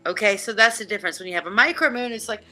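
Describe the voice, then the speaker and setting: Over a noisy background, a woman fires off words rapidly in a mid-range voice. She's a psychic host running a live stream, full of hype and jokes, loosely chatting and reading comments from viewers aloud.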